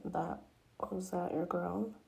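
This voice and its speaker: Brash mom voiced by a woman, mellow low whisper, whispered role-play. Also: fairly even intonation, takes it slowly, vocal fry. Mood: teasing.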